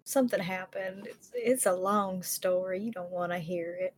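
A motherly adventurer speaks softly and soothingly, as a woman plays her. She murmurs comfort and calls the stranger darling. Her voice stays low and hushed. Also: moderate pace, a little hiss or hum, lightly acted.

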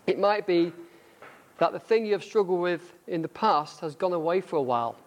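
Brief: middle-aged northern English man, slightly higher pitch, chatty self-deprecating church talk with a book reading. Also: normal speed. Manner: conversational, self-deprecating, reads aloud. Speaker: church speaker.

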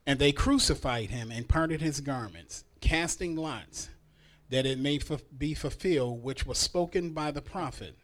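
A man in a bible study reading scripture aloud, slowly and carefully. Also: on the high side.

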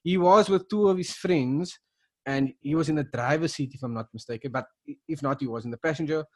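A South African man with a slightly high voice co-hosts a casual podcast, talking a little fast. He rambles through a retelling of events, full of fillers and restarts.

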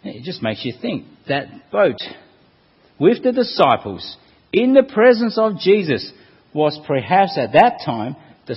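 A man preaching a sermon, expressive, asking rhetorical questions and quoting scripture with emphasis. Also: mid-range voice, slightly rough. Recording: long hall reverb, dull lo-fi sound.

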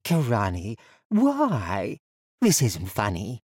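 A man's voice: fairly low pitch, lively intonation, unhurried, no echo, studio quality. A man voicing a chatty woman supervisor in an audiobook, motherly and coaxing with a sinister edge. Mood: pleading. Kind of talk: audiobook character voice.

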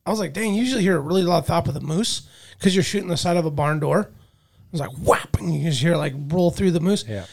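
Man with a high, gravelly voice; animated storyteller in casual chat. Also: fast talker. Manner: animated, swings loud and soft while acting out moments.

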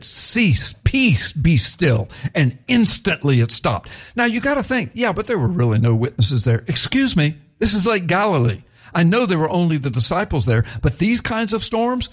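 A man preaching a sermon in a conversational, emphatic way, repeating key phrases for effect. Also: sits high.

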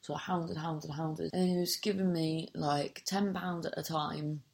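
Low gravelly woman ranting. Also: steady tone, measured pace, darkish tone. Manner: exasperated, swears freely, self-interrupting. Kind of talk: casual anecdotal chat.

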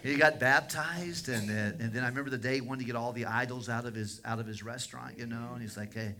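A man's voice: medium pitch, quick pace, heavy background noise. A man preaching a sermon as a pastor, in a conversational storytelling manner that circles back on itself. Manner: conversational storytelling, with frequent restarts.

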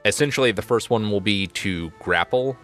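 Deep-ish male game master, loose and chatty narration, faint music bed. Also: normal speed, a bit bright.

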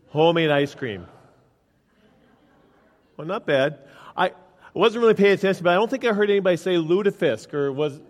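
Folksy joking preacher in a reverberant hall. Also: male voice, on the high side, moderate pace. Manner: folksy, joking, chatty with the congregation. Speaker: pastor. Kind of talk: sermon.

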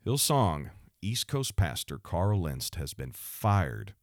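A man delivering fervent, preachy commentary, repeating himself and building to loud outbursts. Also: low voice, very animated, slow, dry recording, clean studio sound. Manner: fervent, repetitive, with restarts and rising outbursts. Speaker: Christian commentator.

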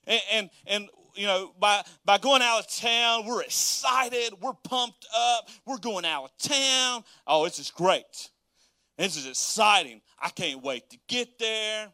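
A pastor delivering a sermon in a high, forceful voice. He talks in a folksy, casual way, full of asides. He acts out everyday moments with animated energy, and the sound is dry and close. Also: no echo.

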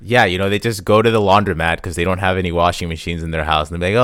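Young man, very deep voice, laid-back mocking chat, dry close sound. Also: fairly even intonation, fast, a bit bright, no echo. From New York. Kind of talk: casual chat.

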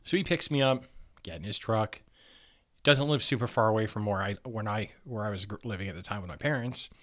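A man's voice: lowish voice, fairly quick. A man hosting a podcast and telling a comic anecdote in a profane way, breaking into laughter. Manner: animated, profane, laughing storyteller. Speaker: podcast host telling a story. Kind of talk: comedic anecdote.

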